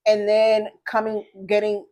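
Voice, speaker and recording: A middle-aged woman co-hosting a faith podcast, telling a personal story in candid conversation and acting out the dialogue with lively voices. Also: medium pitch, measured pace. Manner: animated storyteller, acts out dialogue with God and her daughter. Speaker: podcast co-host.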